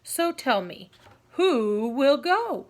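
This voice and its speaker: A woman playing a booming storybook tiger, male, wise, commanding, slow and loud, lively swoops in pitch. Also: full character voice. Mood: solemn.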